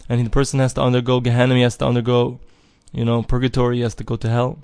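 Earnest male religious teacher; mid-pitched, storytelling, dry recording. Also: monotone, rapid-fire, darkish tone, clear, resonant tone, no room sound. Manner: earnest teaching, acts out voices in stories. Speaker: Torah teacher.

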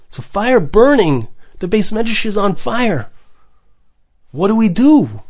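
A man's voice: high-pitched, sing-song, unhurried, a little mellow. A man giving a Torah sermon, impassioned, repeating phrases and building to urgent questions. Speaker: rabbi giving a Torah talk.

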